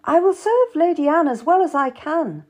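A woman's voice: very high voice, lively intonation, moderate pace, a little mellow, pitched above the performer's own voice. A woman playing an earnest young lady-in-waiting. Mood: protesting. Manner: protesting, earnest.

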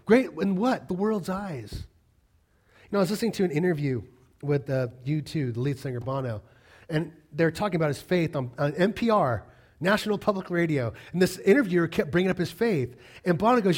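High-pitched male pastor, conversational sermon, asks the congregation questions. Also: animated, normal speed.

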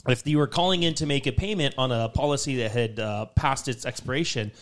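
Fast-talking profane storyteller guy. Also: medium pitch. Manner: profane, animated, acts out callers and bosses. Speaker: podcast guest telling work stories. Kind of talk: casual chat, storytelling.

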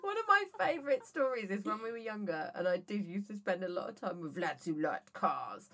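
A woman's voice: medium pitch, big pitch swings, a little fast, fairly bright tone. A woman in her thirties, co-hosting a podcast and telling rambling anecdotes in casual chat, swearing freely. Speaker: podcast co-host.

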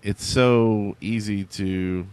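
A man's voice: on the low side, steady tone, drawn-out words, a little mellow, clean tone. A man co-hosting a casual gaming podcast, reading a listener suggestion and rambling through joking ideas. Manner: jokey, rambling, does silly voices. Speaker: podcast co-host. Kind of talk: casual chat.

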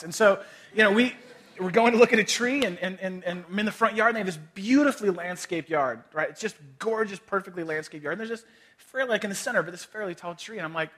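Male pastor, 30s, sermon delivery; bright, forward tone, casual anecdotes with light laughs. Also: high-pitched. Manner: conversational storytelling with quick laughs and voiced asides.

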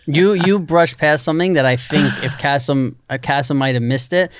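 A man's voice: a little high, moderate pace, clean tone, no room sound, clean studio sound. A man co-hosting a podcast, chatting casually and swearing freely. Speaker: podcast co-host. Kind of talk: casual chat.

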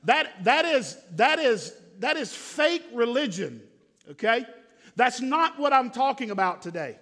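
A man preaching a sermon as pastor in a church, earnest, turning soft and gentle. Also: very high voice, sing-song, a little slow, in a large hall. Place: church sanctuary.

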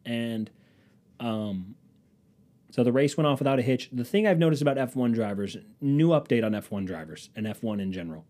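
Profane, rambling man with a mellow voice. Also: medium pitch, animated, fairly quick. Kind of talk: casual chat.

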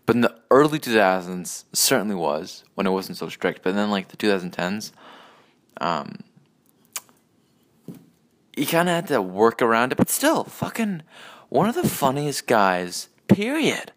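A man with a lowish voice rants alone on his podcast. He swears freely, trails off, restarts, and drifts from one aside to the next with a sarcastic edge. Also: sing-song, measured pace. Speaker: podcast host. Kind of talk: solo ranting monologue.

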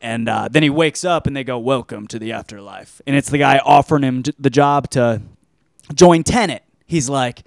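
A man's voice: fairly high pitch, no echo, clean studio sound. A man hosting a podcast, reviewing a film in a loose, rambling monologue full of swearing and restarts. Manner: loose, profane, animated, trails off often.

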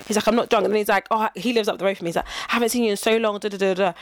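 A woman's voice: on the high side, expressive, rapid-fire, dry recording. Laughing young woman. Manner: laughing storyteller, acts out quoted lines. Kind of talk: casual chat.

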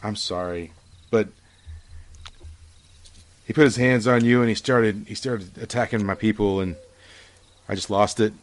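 A rough brawler speaks quietly and low, as if he regrets what he has done, in a man's put-on voice. The delivery is subdued and close to the speaker's own voice. This is a character in a tabletop game. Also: steady tone, unhurried, pauses often, lightly acted. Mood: remorseful. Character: remorseful male brawler, gruff and subdued.

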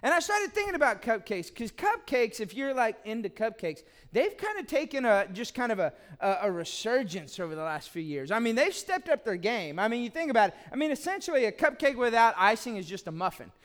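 A middle-aged man preaching a sermon, telling family stories in an animated, playful way. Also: very high voice, a little fast, few pauses. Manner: animated storytelling, acts out scenes. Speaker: pastor.

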